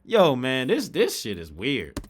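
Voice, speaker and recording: A man hosting a reaction podcast, talking in loud, preachy commentary full of street slang, dropping from shouts to low asides. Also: huge pitch swings, unhurried, a little hiss or hum. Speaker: podcast host reacting to videos.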